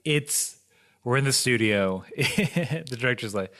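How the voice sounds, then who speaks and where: A man co-hosts a podcast in casual chat, trading jokes and bits. His voice sits at a middle pitch, and he swears offhandedly. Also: lively intonation, slow pace, sharp tone. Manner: playful, riffing, swears casually. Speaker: podcast co-host.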